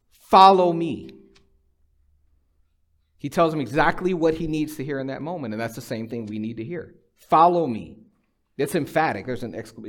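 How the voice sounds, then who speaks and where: A middle-aged man preaching a sermon, mixing personal storytelling, dry humor and emphatic, conversational exhortation. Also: mid-range voice. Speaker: pastor.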